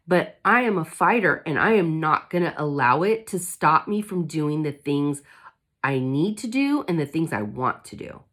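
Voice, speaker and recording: Low-voiced woman vlogging candidly. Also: expressive, measured pace, fairly bright tone. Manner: candid, emotional, fighting spirit. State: recovering from covid. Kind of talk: casual chat to camera.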